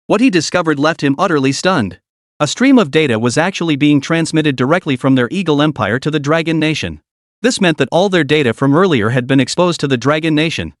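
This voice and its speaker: A man narrating a story recap in an even, steady reading style. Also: on the high side, dry recording, clean studio sound.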